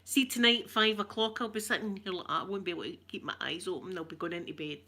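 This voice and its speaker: Speaking quickly in a fairly low, bright and forceful voice, a middle-aged Scottish woman reads viewer comments on her ASMR livestream. She chats casually and rambles, laughing often and greeting viewers by name.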